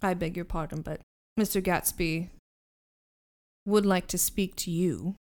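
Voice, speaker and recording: A woman voicing a haughty male high elf butler who speaks formally and with disdain. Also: fairly even intonation, measured pace.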